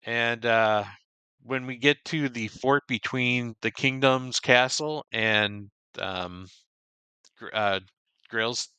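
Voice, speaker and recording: A man's voice: medium pitch, slow, sharp tone, clean tone, no echo. A man hosting a casual podcast discussion, recapping loosely with lots of fillers and restarts. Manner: rambling recap with frequent fillers. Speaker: podcast host.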